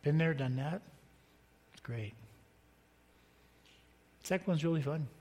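Middle-aged pastor preaching in a reverberant hall. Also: male voice, a little high, slow, dark tone. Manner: conversational, joking with the congregation. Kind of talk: sermon. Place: church sanctuary. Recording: long reverb of a church hall.

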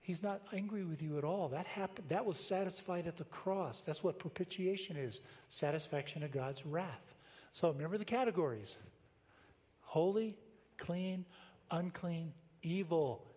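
An older man preaching a sermon to his church in a relaxed, conversational way, with anecdotes and frequent rhetorical questions. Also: fairly high pitch, moderate pace. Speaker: pastor. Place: church sanctuary. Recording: long hall reverb.

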